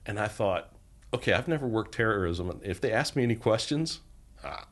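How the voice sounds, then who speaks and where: A middle-aged former federal agent tells a long story on a podcast as a guest, acting out the lines of the people in it with animation. He talks at normal speed in a voice on the low side.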